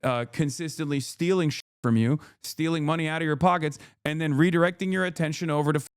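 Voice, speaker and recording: Streamer in his 30s, heated and blunt, high-ish male voice, dry close-mic sound. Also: fairly even intonation, fast, clear, resonant tone, no room sound. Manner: heated, emphatic, swearing. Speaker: streamer host reacting to a clip. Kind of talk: casual streamed commentary.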